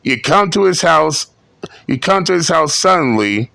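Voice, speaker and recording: A man's voice: fairly high pitch, animated, normal speed, creaky, pushed and bright, no room sound. A man giving blunt, profane, scornful reaction commentary. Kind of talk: mocking commentary.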